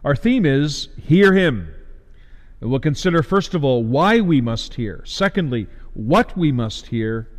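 A man's voice: medium pitch, expressive. Man preaching in a reverberant church. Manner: measured preaching with emphatic rises and slow stresses. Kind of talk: sermon.

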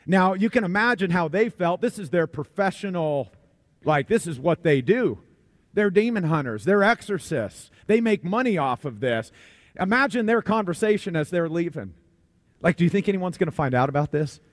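A man's voice: high-pitched, very animated, moderate pace, dry recording, clean studio sound. A man preaching a sermon in a conversational, folksy way, often repeating words as he explains a Bible passage. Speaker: pastor.

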